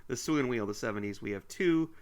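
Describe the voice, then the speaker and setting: This podcast co-host has a mid-range voice and talks fast and animated. He chats casually and teasingly, reading out listener mail and breaking in with asides.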